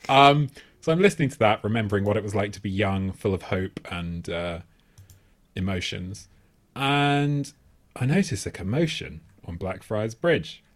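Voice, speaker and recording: Brief: thirties bloke, podcast co-host, animated swings in pitch, rambling self-mocking anecdotes, swears freely. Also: male voice, moderate pace. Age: 30s. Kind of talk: casual comedic storytelling.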